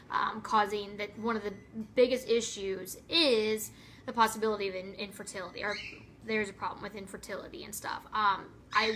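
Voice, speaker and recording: Bright-voiced earnest young woman vlogger. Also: on the high side, slight background noise. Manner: earnest and expressive, many fillers and restarts. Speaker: motivational vlogger. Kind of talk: casual motivational talk to camera.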